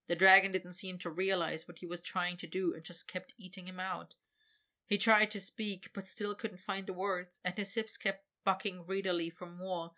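Bright-voiced woman narrating a story. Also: fairly low pitch. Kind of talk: scripted narration of an adult story.

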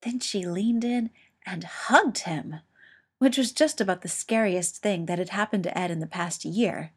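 Lady reading a story out loud, wry and expressive, middle pitch. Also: unhurried, slightly rough. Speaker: narrator. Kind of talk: storybook narration.

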